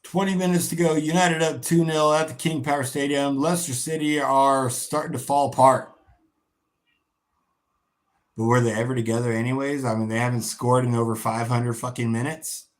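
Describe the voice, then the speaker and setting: A man's voice: medium pitch, steady tone, normal speed. A tired man hosting a casual football watch-along livestream, calling the play, swearing freely and chanting. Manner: swears freely, bursts into shouting on goals. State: tired, yawning. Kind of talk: casual live match commentary.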